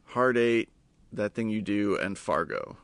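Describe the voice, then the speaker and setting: A man co-hosting a casual podcast, upbeat and quick to laugh. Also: fairly low pitch, expressive, vocal fry, a bit bright, clean tone, dry recording. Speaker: podcast co-host.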